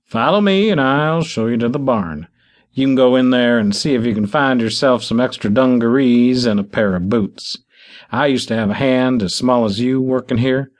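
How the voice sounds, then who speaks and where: A male narrator voicing a plainspoken old rural farmer who talks in a slow, folksy drawl. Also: mid-range voice, a little mellow, close to an everyday voice.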